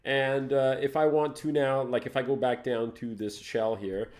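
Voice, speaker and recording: A man's voice: mid-range voice, little pitch movement, normal speed, darkish tone. A man hosting a live Linux tutorial, talking through each step as he works, joking and greeting viewers in the chat. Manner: jokey, rambling, thinks aloud while typing. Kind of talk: live screencast tutorial, chatty.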